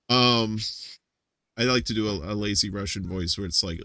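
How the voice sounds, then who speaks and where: A bright-voiced man hosts a loose live-stream chat over a video call, rambling and joking as he goes. He restarts his sentences often, and his voice sounds dry and close. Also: on the low side, normal speed, clear, resonant tone, no room sound. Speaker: host.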